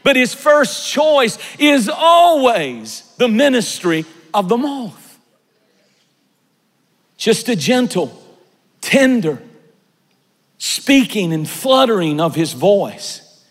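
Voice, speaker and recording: A man preaching a sermon, swinging from soft, hushed passages to shouted emphasis. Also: very high voice, sing-song, takes it slowly, long pauses. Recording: long hall reverb.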